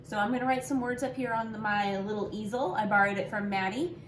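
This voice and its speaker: A woman teaching young children a phonics lesson, speaking slowly and clearly, spelling out letters and encouraging them. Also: mid-range voice, slight background noise. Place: home room with an easel. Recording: echoey room.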